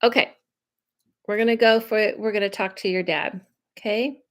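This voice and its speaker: A woman with a mid-range, slightly bright voice talks at a normal speed with fairly even intonation. As a psychic medium hosting a live stream, she gives readings in a casual, rambling way, drifting onto tangents while reassuringly checking in with her listeners.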